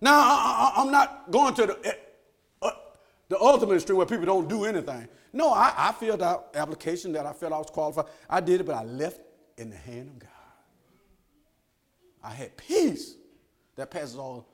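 A man preaching a folksy, animated sermon. He laughs often and swings between loud and hushed. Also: high-pitched, normal speed.

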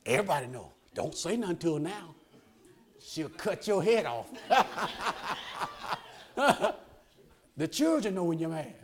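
A man preaches in a high, lively voice that swoops up into shouts. He keeps a folksy, joking tone with call-and-response asks to the congregation. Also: slow, pauses often. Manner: folksy, joking asides with laughter. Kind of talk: sermon.

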